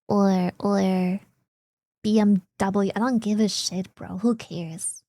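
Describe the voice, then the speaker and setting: A woman's voice: mid-range voice, steady tone, slow pace, mellow, dry recording. A German woman streamer with a German accent, chatting casually in a sarcastic, giggly way and swearing freely. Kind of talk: casual chat.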